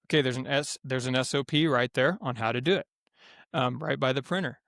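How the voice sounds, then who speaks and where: A man who runs a greenhouse farm, talking in a casual podcast interview, rambling with many restarts and turning animated when he quotes others. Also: mid-range voice, brisk, no room sound, studio quality. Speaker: greenhouse farm owner, guest.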